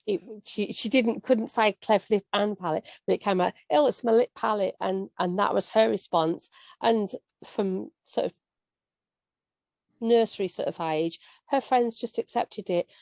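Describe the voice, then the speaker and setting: A woman's voice: medium pitch, a little slow, creaky, darkish tone, dry recording. A woman hosting a live panel as a parent, talking in an earnest, conversational way with some restarts.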